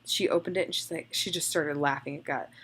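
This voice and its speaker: A woman's voice: sits low, steady tone, brisk, a bit bright, husky. A young woman photographer talking through her photo edits in a chatty, gushing way, thinking aloud as she clicks. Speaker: photographer demonstrating photo editing. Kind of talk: casual screen-recorded tutorial.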